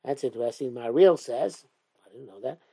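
Man with a lilt, mellow voice. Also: mid-range voice. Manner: reads Hebrew text then explains in English, halting with fillers. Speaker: Torah teacher. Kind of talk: text study lesson.

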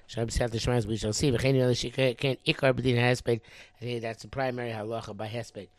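A middle-aged man works through a religious text, reading each phrase and then translating it. He talks in a halting way, full of ums and restarts, at an ordinary pitch. The sound is dry and close, no room behind it. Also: flat delivery, no room sound. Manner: reads Hebrew phrases then translates them, halting with many fillers. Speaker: Torah teacher.

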